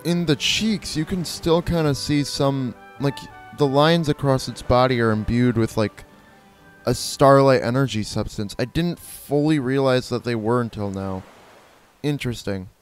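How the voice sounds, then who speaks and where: Guy doing a chill let's-play, slow and rambly, smooth clean voice, faint music under it. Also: mid-range voice. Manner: rambling, playful, self-correcting, imitates creature cries. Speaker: gameplay video host. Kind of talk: casual let's-play commentary.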